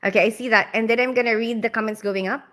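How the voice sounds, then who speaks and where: A woman's voice: a little high, steady tone, fast talker, a bit bright. A woman in her forties who grew up in the Philippines, hosting a casual livestream and chatting with viewers, often laughing. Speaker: livestream host. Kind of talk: casual livestream chat reading comments.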